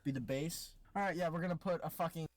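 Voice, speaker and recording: A man with a fairly high voice cracks dry, joking asides in casual chat. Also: fast talker. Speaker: co-host.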